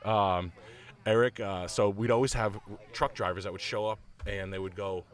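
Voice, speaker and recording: A man's voice: fairly low pitch, fairly even intonation, moderate pace. A man hosting a show, telling a profane, rambling story in casual chat. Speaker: podcast host.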